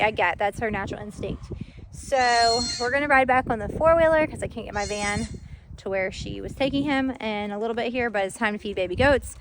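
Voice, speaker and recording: This homesteader's voice runs on the high side as she vlogs casually from her farm, rambling and filling gaps with lots of fillers. The audio comes from her camera mic rather than a clip-on, outdoors with a noisy background.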